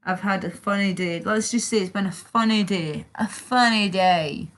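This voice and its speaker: A woman's voice: mid-range voice, fairly even intonation, moderate pace, fairly bright tone. A young British woman chatting casually on a livestream, chatty and sweary, reading and answering her chat. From Britain. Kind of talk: casual live-stream chat.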